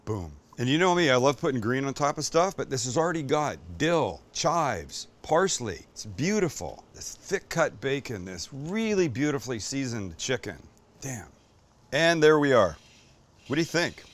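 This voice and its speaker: A man's voice: mid-range voice, big pitch swings, moderate pace. A man hosting a casual cooking show in a kitchen, enthusiastic and joking, swearing casually as he cooks.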